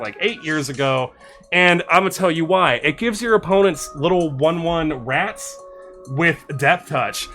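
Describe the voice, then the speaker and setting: A streamer with a slightly high, pushed and bright voice chats casually while reviewing card suggestions from his viewers. He talks into a desk microphone, reads card text fast, and enthusiastically thanks his followers.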